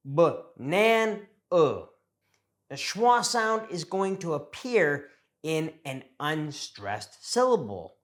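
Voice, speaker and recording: A man's voice: a little high, a bit bright. A young man teaching an English pronunciation lesson, speaking carefully and encouragingly and drawing out example words for learners to repeat.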